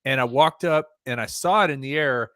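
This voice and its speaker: A man guesting on a livestream, telling stories in a relaxed, conversational way. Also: medium pitch, moderate pace, no echo, clean studio sound. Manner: relaxed storyteller, easygoing and conversational. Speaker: guest drone pilot. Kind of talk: casual interview chat.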